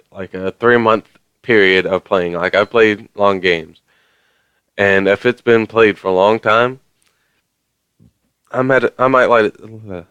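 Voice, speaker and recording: A man's voice: lowish voice, fairly bright tone, clear, resonant tone, dry recording. A man ranting casually to his viewers, rambling along with lots of fillers and mild swearing. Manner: conversational, many fillers. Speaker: vlogger. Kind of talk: casual rant to camera.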